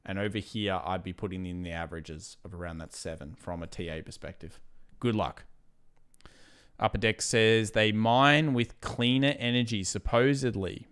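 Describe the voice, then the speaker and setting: A man's voice: fairly low pitch, normal speed, a bit bright, smooth. A man hosting a live trading stream, talking through market charts casually and drifting into fired-up rants. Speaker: trading livestream host.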